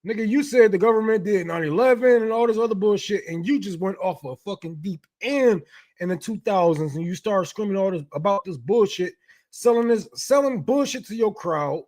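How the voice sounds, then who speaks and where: Profane, laughing higher-voiced man. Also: expressive, brisk, darkish tone. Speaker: host. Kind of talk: mocking commentary stream.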